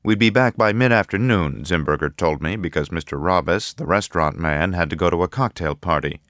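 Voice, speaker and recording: A man narrating a first-person audiobook in a measured, low-key, matter-of-fact way. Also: fairly bright tone, no room sound, studio quality.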